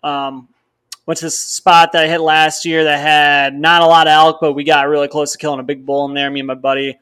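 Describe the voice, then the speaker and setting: A man's voice: a little high, a little fast, clear, resonant tone. A young man from Wisconsin, co-hosting a podcast, rambling through a hunting story and acting out what others said. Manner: rambling storyteller, animated, quotes others in dialogue. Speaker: podcast co-host.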